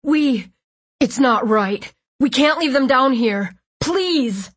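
Woman doing a panicked teen boy in an audiobook, high pleading, husky edge. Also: animated, slow, heavily acted. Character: frightened teenage boy, pleading.

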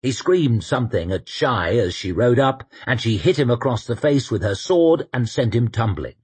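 A man narrating an action story in a steady, dramatic storytelling manner. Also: mid-range voice, slightly rough. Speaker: audiobook narrator. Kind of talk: scripted narration.

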